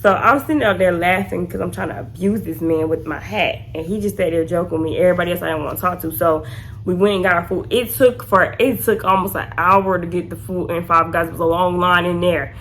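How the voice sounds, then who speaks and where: Young woman vlogger, lively casual storytime, acts out quotes high. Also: fairly quick, a little hiss or hum. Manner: animated, acts out quotes in raised pitch.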